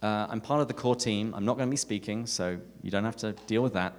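A man with an English accent giving a live talk to an audience, telling stories with animated, self-mocking humour. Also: fairly low pitch, quick pace. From England. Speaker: speaker at a parish talk night. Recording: echoey hall reverb.

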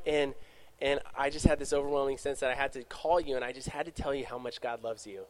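A man's voice: mid-range voice, fairly even intonation. A man speaking casually to young adults, telling his own story in a Q&A and correcting himself often as he talks. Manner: rambling, self-correcting, quick asides. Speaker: youth speaker.

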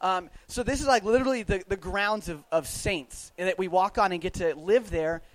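Young man, high-pitched, casual storytelling to an audience, lots of fillers, dry close sound. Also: moderate pace, no room sound. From United States. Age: young adult. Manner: casual, animated, with frequent fillers and restarts. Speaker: speaker telling a travel story to an audience. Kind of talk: storytelling talk to a live audience.

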